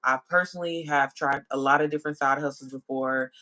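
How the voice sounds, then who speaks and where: A woman's voice: very deep voice, fairly even intonation, a little fast, sharp tone. A woman chatting casually with viewers on a livestream as an online business coach, calling them y'all and girl.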